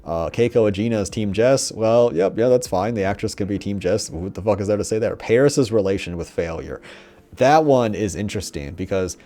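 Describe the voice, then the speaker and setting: A young man giving rambling, profane, mocking commentary, often putting on quick voices of characters. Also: lowish voice, mellow. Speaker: commentator on a TV show. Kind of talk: casual ranting commentary.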